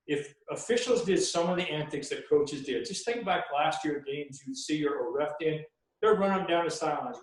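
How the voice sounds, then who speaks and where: A man, a veteran basketball referee, telling stories in a podcast interview and acting out what he says to coaches. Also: a little high. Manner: folksy storyteller acting out sideline exchanges. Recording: very echoey room.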